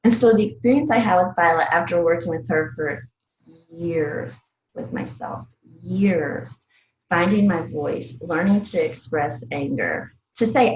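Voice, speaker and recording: A woman's voice: lowish voice, a little slow, roomy sound, highs cut off, a little hiss or hum. A woman from the American South, an herbalist teacher, speaking in an earnest, reflective way and often laughing and acting out little bits of dialogue. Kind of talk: reflective casual talk.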